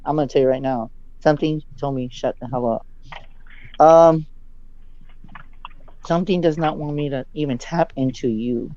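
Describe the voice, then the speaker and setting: A male psychic giving a dramatic live reading over a video call. He often drops into low, hushed asides. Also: moderate pace, pauses often, highs cut off.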